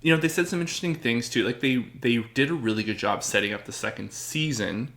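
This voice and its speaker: A man's voice: medium pitch, quick pace, fairly bright tone. A young man co-hosting a casual podcast chat, rambling with lots of filler words and frequent laughter. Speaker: podcast co-host.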